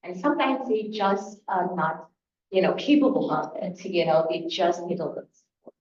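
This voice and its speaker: An older woman, a toddler teacher on a parent panel, telling stories in a lively conversational way. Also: fairly low pitch, normal speed. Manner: animated storytelling, acting out a child's voice. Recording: echoey room, slightly muffled.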